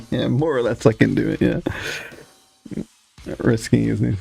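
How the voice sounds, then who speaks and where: A man's voice: mid-range voice, moderate pace, vocal fry, long pauses, warm tone, breathy edge, soft background music. A man hosting a live stream, chatting casually to viewers while painting miniatures. He rambles loosely and swears freely as he talks. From Scotland.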